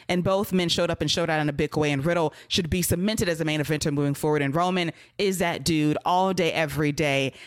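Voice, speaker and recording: A woman co-hosting a casual wrestling podcast, animated and teasing, talking in an exclamatory way. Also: deep voice, no echo, clean studio sound. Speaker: podcast co-host.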